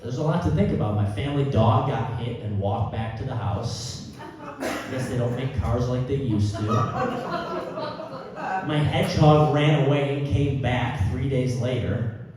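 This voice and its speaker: A man performing a live stand-up set of deadpan one-liners, now and then jumping into high-pitched outbursts. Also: a little slow. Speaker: stand-up comedian. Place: theater stage before a live audience. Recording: roomy hall audio from a distance with crowd. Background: audience laughter.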